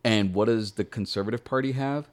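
A man co-hosting a podcast, chatting casually with sarcastic quips and pausing with fillers to find words. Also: fairly low pitch. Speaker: podcast co-host. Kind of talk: casual chat.

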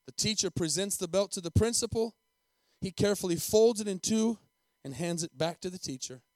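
A man's voice: high-pitched, fairly quick, no room sound. A man preaching a sermon, telling a story dramatically and repeating phrases for emphasis. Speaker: pastor.

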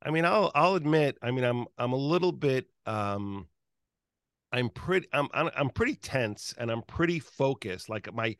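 A man hosting an interview who speaks haltingly, with many fillers and repeated words. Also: medium pitch, lively intonation, no room sound, studio quality. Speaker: interview host. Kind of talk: casual interview chat.

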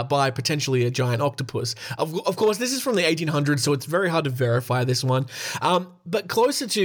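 A man hosting a casual podcast, reading out animal facts and stories with jokey, self-deprecating asides. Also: a little high. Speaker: podcast host.

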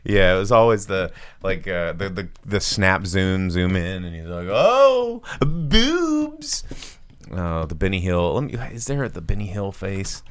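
A man's voice: moderate pace, clear, resonant tone. A man co-hosting a podcast, chatting casually about movies, rambling and laughing often. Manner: rambling, laughs often, animated swings in pitch. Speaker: podcast co-host.

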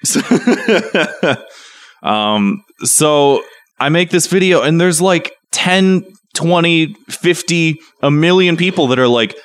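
A man co-hosting a casual podcast, telling a story with mock outrage that climbs toward near shouting. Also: fairly high pitch, animated, slow pace, dry recording. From Chicago. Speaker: podcast co-host.

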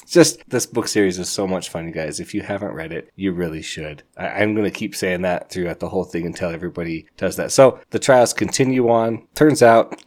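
Deep-voiced amused man reviewing a book. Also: darkish tone. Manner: amused, chatty, laughs often. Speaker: podcast host. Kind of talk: casual book review chat.

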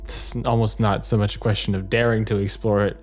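A man's voice: fairly low pitch, level tone, fairly quick, a little mellow, faint music behind. A man narrating an improvised shared story, laughing often and rambling loosely.

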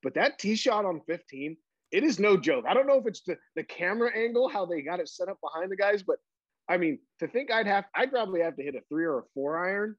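A man co-hosting a golf podcast, laying out his views in measured casual chat. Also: sits high, animated, no room sound, highs cut off. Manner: measured, reasoning out his opinion. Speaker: podcast co-host.

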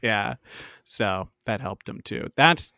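A man's voice: on the low side, expressive, slow, vocal fry, bright, forceful tone, clean tone, no room sound. A man co-hosting a comedic podcast, playing along with a dry, mock-serious manner. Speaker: podcast co-host.

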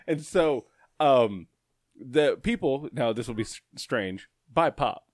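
Profane, animated man telling a work story. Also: medium pitch, slow, no room sound, studio quality. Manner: profane, animated, laughs often. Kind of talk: casual storytelling chat.

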